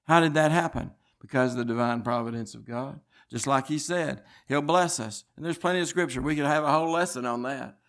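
A man's voice: mid-range voice, brisk, few pauses, fairly bright tone. A man preaching a sermon. He tells long stories in an earnest, insistent tone, often stopping and restarting his sentences. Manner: rambling storytelling with frequent restarts.

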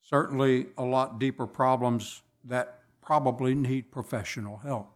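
A man delivering a sermon at an unhurried, drawn-out pace. He speaks deliberately, with measured pauses between phrases, at a middling pitch. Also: steady tone. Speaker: preacher.

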